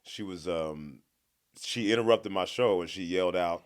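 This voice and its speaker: A man, a guest comedian in casual podcast chat, telling stories with animated, acted-out quotes. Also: sits low, normal speed. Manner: animated storyteller who acts out voices in quotes.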